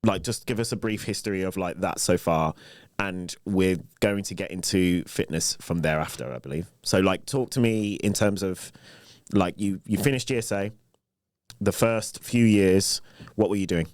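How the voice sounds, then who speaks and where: A man's voice: sits low, normal speed, a little mellow, no room sound, studio quality. A man hosting a podcast interview, asking loose questions filled with "like". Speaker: podcast host.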